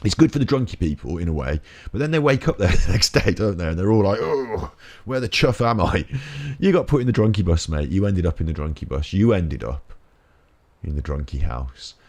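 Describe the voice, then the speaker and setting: A man's voice: sits low, lively intonation, fairly quick, a little mellow. A British man giving chatty, rambling let's play commentary, joking and laughing as he plays. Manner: jokey, chatty, laughs often. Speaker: gaming channel host.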